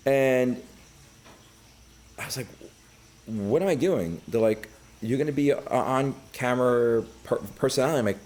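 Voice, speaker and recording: A man's voice: mid-range voice, moderate pace, pauses often. Profane man telling stories. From Brooklyn, New York. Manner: profane, animated, acts out quoted voices. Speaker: podcast guest. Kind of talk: casual storytelling chat.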